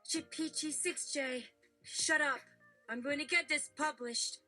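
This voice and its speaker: A woman voicing an unhinged male joke writer who screams threats in a high, strained voice. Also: fairly even intonation, unhurried, sharp tone, soft background music, heavily acted. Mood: furious. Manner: screaming repeated threats, rising to a shriek.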